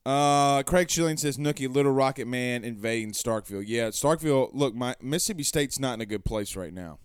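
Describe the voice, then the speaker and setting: A man's voice: mid-range voice, fairly quick, smooth, no echo, clean studio sound. A man hosting a sports talk show, reading viewer comments aloud and rambling conversationally with rhetorical questions.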